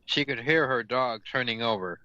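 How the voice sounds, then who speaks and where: A man's voice: mid-range voice, normal speed, pushed and bright. A man reading fan fiction aloud for laughs, stumbling over words and correcting himself. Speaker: reader and host. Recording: dull lo-fi audio, dry room.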